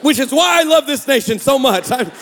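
A man in his forties giving a sermon as a guest preacher, telling funny stories in an animated, sarcastic way. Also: very high-pitched, a little fast. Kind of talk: comedic storytelling sermon. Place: large church hall. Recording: long hall reverb.

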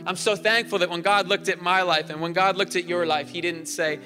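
A man's voice: sits high, fairly even intonation, fairly quick, hardly any pauses. A man preaching a sermon as pastor, earnest, building to emphatic repeated phrases in a large church hall. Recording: live church hall reverb with soft instrumental music.

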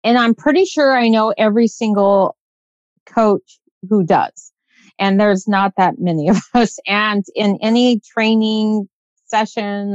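A woman coach talks in a relaxed podcast chat, plain and matter-of-fact, with the odd small laugh. The recording is slightly dull and lo-fi, dry and close to the mic. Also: mid-range voice, dry recording. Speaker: running coach, host.

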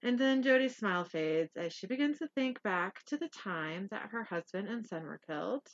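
A woman hosting a podcast, narrating an episode recap in a loose, chatty way full of little fillers. Her voice sits at an ordinary middle pitch, and the recording is a bit dull and lo-fi. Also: expressive, moderate pace. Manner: chatty, frequent fillers and laughs.

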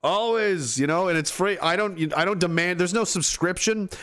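A man from Atlantic Canada, hosting a livestream and reading chat messages. He rants with plenty of swearing, swinging between near shouting and low muttering. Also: normal speed. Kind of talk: angry ranting livestream talk.

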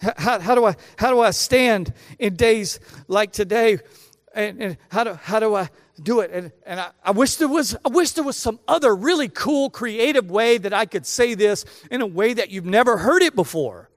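A man's voice: sits high, animated, normal speed, no room sound, studio quality, in a large hall. A man preaching a sermon as pastor, emphatic and repetitive, with joking asides to the congregation. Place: church.

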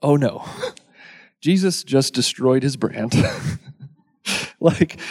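A man preaching a sermon in a casual, joking way, acting out the crowd's lines in quick asides. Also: on the high side, a little mellow. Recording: long hall reverb.

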